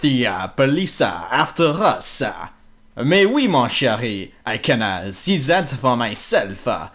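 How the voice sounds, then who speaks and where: A man putting on an overdone French accent to mock game soldiers, halting with drawn-out uhs. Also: medium pitch, sing-song, fairly bright tone, heavily acted. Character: mock French squad, male, overly thick accent.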